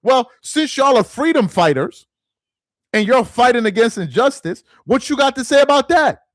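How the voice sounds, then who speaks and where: An extremely high-pitched man, recorded dry, runs a sports commentary channel. Exasperated, he rants to the camera and hammers the same phrases over and over for emphasis.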